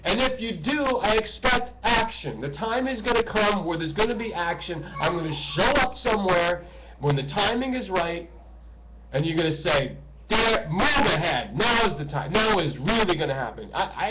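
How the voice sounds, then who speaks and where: Bitter swearing man, middle-aged, high-pitched, lo-fi muffled recording with hiss. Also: big pitch swings, moderate pace. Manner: profane, bitter, swings between shouting and hushed talk. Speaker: political video ranter. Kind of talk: angry monologue to camera. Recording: dull lo-fi home recording with noise.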